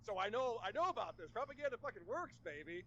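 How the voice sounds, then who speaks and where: A sarcastic, mocking man in casual podcast chat, his voice high for a man and swinging widely in pitch. The audio is slightly dull, with faint background noise. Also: big pitch swings, fast talker, a bit bright. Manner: sarcastic, mocking, laughs often. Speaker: podcast guest.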